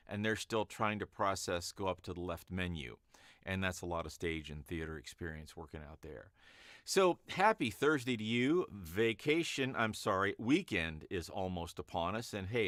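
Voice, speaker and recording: Chatty low-voiced man in a dry studio. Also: animated, normal speed, fairly bright tone, no room sound. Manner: chatty and rambling, with upbeat lifts on greetings. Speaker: voice-over artist. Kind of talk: casual vlog chat. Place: home broadcast studio.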